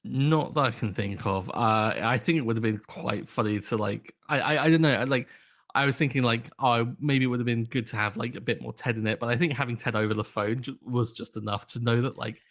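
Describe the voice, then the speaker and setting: A man's voice: medium pitch, fairly quick, fairly bright tone. A man co-hosting a podcast in casual, rambling chat. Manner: rambling, hesitant, laughs easily. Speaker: podcast co-host.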